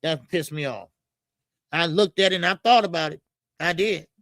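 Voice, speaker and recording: A man hosting a live boxing talk stream, ranting in a profane, animated way and often repeating himself. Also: on the high side, moderate pace, no room sound. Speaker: boxing show host.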